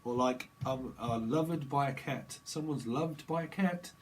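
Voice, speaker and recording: A man's voice: medium pitch, unhurried, a little hiss or hum. A man doing a casual tarot reading, rambling in playful free association and repeating words in sing-song runs. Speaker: tarot reader.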